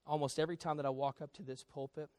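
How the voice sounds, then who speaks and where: A man preaching a sermon as pastor, swinging between quiet confession and loud storytelling. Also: on the high side, steady tone, quick pace, dry recording.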